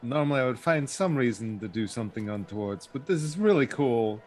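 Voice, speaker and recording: A man playing a tabletop role-playing game, loud and jokey. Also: mid-range voice, lively intonation, brisk. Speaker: player. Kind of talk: tabletop role-play chat.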